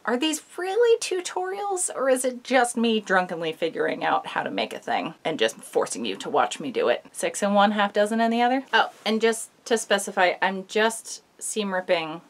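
A woman's voice: mid-range voice, very animated, normal speed, hardly any pauses. A young woman chatting casually through a sewing tutorial in a costume workshop, rambling and poking fun at herself. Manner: chatty, self-mocking, rambling asides. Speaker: sewing vlogger.

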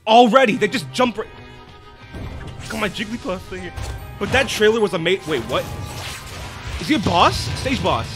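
A man with a very high voice narrates his own live reaction, swinging from hushed disbelief to loud shouting. His pitch jumps around constantly as he gets carried away. Trailer music plays clearly behind him. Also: moderate pace, long pauses. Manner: excitable, gasping and shouting in disbelief. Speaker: reaction video host. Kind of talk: excited live reaction commentary. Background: trailer music playing.

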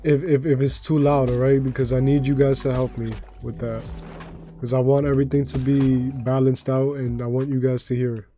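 Male game streamer, slightly raspy, mellow tone, flat delivery, rambling casual chat, faint music behind. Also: mid-range voice, moderate pace. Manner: rambling, loose, with many fillers and restarts. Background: faint background music.

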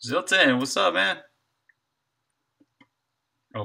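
A man's voice: medium pitch, unhurried, gravelly, bright, forceful tone. A man who makes games alone, thinking aloud in half-finished sentences while he codes on a live stream and perks up to greet chat. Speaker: solo game developer streaming.

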